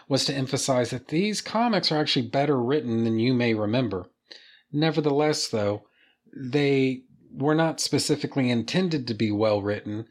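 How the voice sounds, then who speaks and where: A man gives a casual, excited comic book review, cursing freely and talking straight to his viewers. His voice sits at a middle pitch, relaxed and conversational. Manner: enthusiastic, casual, swears freely. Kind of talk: casual video commentary.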